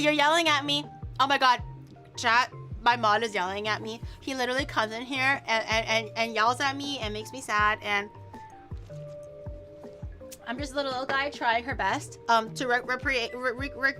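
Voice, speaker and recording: A woman with a slightly high voice chats casually to her stream while cooking. She slips into playful mock outrage when chat teases her, and music plays steadily under her voice. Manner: chatty, playfully indignant, bickering with chat.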